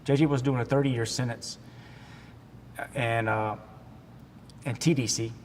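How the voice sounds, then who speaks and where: A man in his forties from Texas tells his life story as an interview guest, halting and restarting, taking on the voices of people in his story. His voice has a long reverb tail, as if in a large hall. A faint low rumble sits underneath. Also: steady tone, darkish tone. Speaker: guest sharing his testimony. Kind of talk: emotional personal storytelling in an interview.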